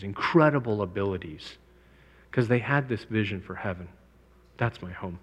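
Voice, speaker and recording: Emphatic male preacher in a reverberant hall. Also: lowish voice. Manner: emphatic, repeats key points, lifts voice to press them. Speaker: missions speaker. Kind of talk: preaching talk to a live audience.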